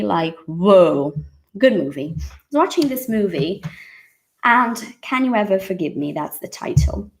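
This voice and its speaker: Brazilian woman, 30s, native Portuguese speaker, English teacher; unhurried, expressive, accented casual lesson delivery. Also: medium pitch. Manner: expressive, acts out surprised reactions.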